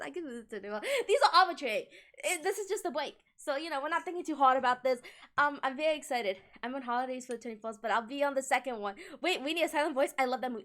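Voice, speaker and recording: A woman's voice: high voice, fairly bright tone. A woman from Colombia chatting casually with viewers on a livestream, giggling often and talking animatedly with her hands near a desk microphone. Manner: giggly, laughs often between sentences.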